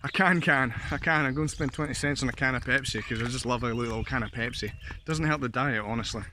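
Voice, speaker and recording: A man's voice: mid-range voice, quick pace, noisy background. Chatty Scottish man out walking. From Scotland. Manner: rambling, chatty, laughs often. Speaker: vlogger. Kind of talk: casual walking vlog. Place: outdoors on a walk past houses. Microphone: handheld camera. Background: dogs barking.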